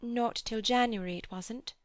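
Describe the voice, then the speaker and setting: A woman's voice: fairly high pitch, unhurried, no room sound, studio quality, pitched above the performer's own voice, natural voice. A woman reading an audiobook, voicing an anxious, proper young lady who speaks in a raised, pleading way. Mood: strained.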